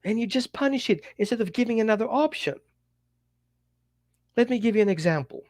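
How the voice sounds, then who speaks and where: A man with a fairly high voice teaches dog owners in an animated, direct way, talking straight to the viewer. His English has a slightly non-native turn of phrase, and he acts out little quotes as he goes. The sound is dry and close, with no room echo. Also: a little fast. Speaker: dog trainer. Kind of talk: direct-to-camera teaching talk.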